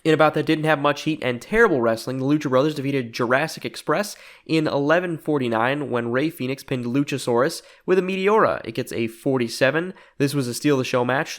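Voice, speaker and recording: A man's voice: mid-range voice, brisk, hardly any pauses. A man giving casual, matter-of-fact commentary on a wrestling booking game, rating and judging each segment.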